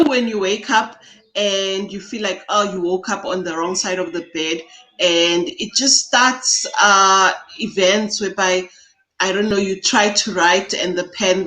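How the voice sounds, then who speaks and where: A woman's voice: medium pitch, a bit bright, poor audio. A woman life coach speaking as a guest in an interview, earnest and chatty, often saying "you know". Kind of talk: interview chat.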